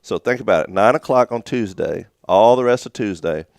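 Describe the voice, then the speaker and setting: A man co-hosting a talk show, chatting excitedly and often repeating himself. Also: lowish voice, brisk, no room sound. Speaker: radio show co-host. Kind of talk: casual on-air chat.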